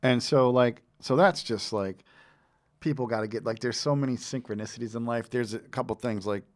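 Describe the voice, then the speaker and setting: A man's voice: mid-range voice, moderate pace. A man hosting a podcast, chatting frankly in casual talk and backing up his guest with short replies. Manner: frank, swears, lots of short backchannel. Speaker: podcast host. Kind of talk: casual interview chat.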